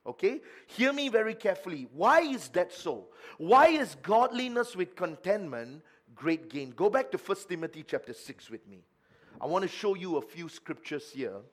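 A man's voice: on the high side, fairly bright tone. A male pastor preaching a midweek sermon, asking the congregation questions and stressing his points.

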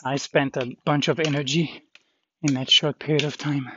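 A man with a slightly higher voice rambles through a walking vlog on an outdoor trail, pausing and filling gaps as he goes. The recording sounds dull and lo-fi. A faint hiss sits underneath. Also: little pitch movement, pushed and bright. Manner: rambling, halting, many fillers. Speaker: walking pilgrim vlogger.

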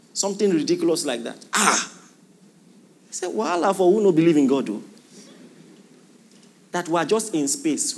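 A man preaching a sermon to a congregation in a church hall, asking them rhetorical questions. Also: fairly high pitch. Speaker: pastor.

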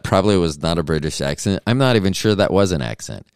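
A man's voice: sits low, sing-song, quick pace, vocal fry, few pauses, clean tone, no room sound, studio quality. A man hosting a solo podcast, rambling through jokes and self-deprecating asides. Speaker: podcast host.

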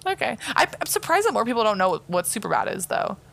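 A woman's voice: medium pitch, very animated, fast, vocal fry, fairly bright tone. A young woman co-hosting a podcast in loose, casual chat, giggling often and swearing offhandedly. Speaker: podcast co-host.

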